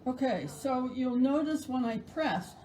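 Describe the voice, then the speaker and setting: A woman's voice: sits high, lively intonation, measured pace, dark tone, slight background noise, rough recording. A middle-aged woman teaching sewing in a shop, chatty, playful and encouraging. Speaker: sewing instructor. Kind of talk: live sewing demonstration.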